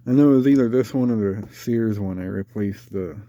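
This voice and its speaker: A man's voice: fairly low pitch, brisk, warm tone, dull audio. A congested man rambling casually as he shows off and tests an old electric fan. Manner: rambling, easygoing, thinks aloud with fillers. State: congested, nasal from a cold. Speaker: fan collector reviewing a vintage fan. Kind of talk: casual show-and-tell vlog.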